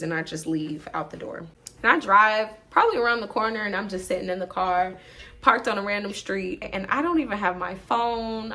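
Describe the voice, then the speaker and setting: A young woman tells a casual storytime, her voice sitting in an ordinary middle pitch. She is blunt and swears freely. She acts out both sides of the argument as she goes. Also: pushed and bright.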